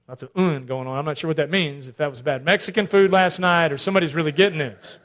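A male pastor preaching a sermon, swinging between loud emphatic lines and hushed asides. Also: a little high, quick pace.

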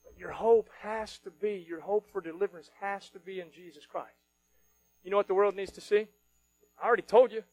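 High-voiced animated preacher. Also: male voice, a little fast, faint music behind, poor audio. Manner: animated, mocking voices of worried people, rising to shouts. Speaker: pastor. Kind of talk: sermon.

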